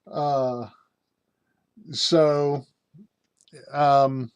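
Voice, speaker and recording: Middle-aged American man, casual reviewer, rambly and self-amused, dry close sound, average pitch. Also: little pitch movement, extremely slow, smooth, no room sound. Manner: rambling, with frequent fillers and self-amused asides. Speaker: game reviewer.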